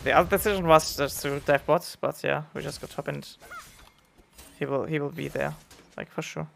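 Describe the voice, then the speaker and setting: Gamer with a gravelly voice. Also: male voice, on the high side, fairly even intonation, normal speed, fairly bright tone, soft background music. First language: German. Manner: casual, gamer slang, bursts of laughter. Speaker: streamer. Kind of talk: gameplay commentary.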